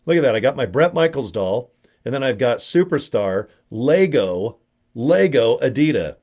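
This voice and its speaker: A man's voice: mid-range voice, big pitch swings, normal speed, darkish tone. A middle-aged man telling a rambling, crude personal story, slipping into voices for the people he quotes.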